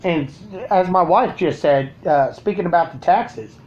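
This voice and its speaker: A man's voice: a little high, measured pace, a little mellow, highs cut off, a little hiss or hum. A man ranting crudely and sarcastically to his viewers from his home. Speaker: vlogger. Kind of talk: profane ranting monologue.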